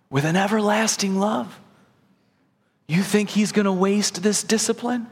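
Earnest high-voiced preacher man. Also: unhurried, breathy edge. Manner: earnest, swings between high urgent and low soft delivery. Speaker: pastor. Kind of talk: sermon. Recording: long hall reverb.

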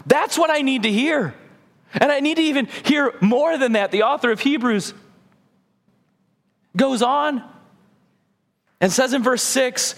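A man preaching a sermon as pastor, earnest, moving between urgent emphasis and quiet, soft passages. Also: a little slow, pauses often. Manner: earnest, swings between high urgent and low soft delivery. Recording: long hall reverb.

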